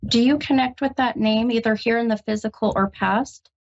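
Woman, psychic radio host, lightly gravelly, hesitant and comforting, muffled lo-fi sound. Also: a little high. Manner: halting, full of ums, gentle and reassuring. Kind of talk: call-in psychic reading. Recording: dull lo-fi radio recording.

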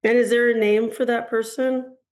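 A woman hosts a casual call-in show as a psychic reader, speaking at a moderate pace in a fairly high, darkish voice with flat delivery. She is chatty and meandering, hedging often, with frequent ums and repeated phrases like "I'm getting."

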